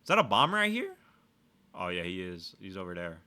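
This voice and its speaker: Gamer guy streaming, bright sharp voice, lively swings, cussing and trash talk. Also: sits low, fairly quick. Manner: profane, excitable trash talk. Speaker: gaming streamer. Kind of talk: let's-play commentary.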